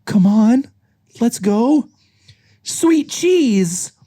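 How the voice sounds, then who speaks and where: Man squeaking as an anxious bunny cop girl. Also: very animated, very slow, dark tone, heavily acted. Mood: urgent pleading.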